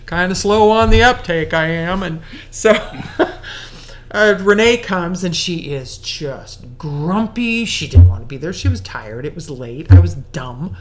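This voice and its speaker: Low-voiced woman telling a chatty story. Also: expressive, measured pace, a little hiss or hum. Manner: chatty, self-mocking, laughs often, acts out quotes. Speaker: storyteller recalling her courtship. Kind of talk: casual personal storytelling.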